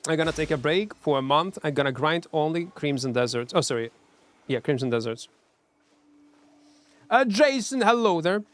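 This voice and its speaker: A man's voice: medium pitch, fairly quick. A man streaming a game, chatting casually and mocking himself, answering chat and humming between plays, in non-native English. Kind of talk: casual live-stream chat while playing.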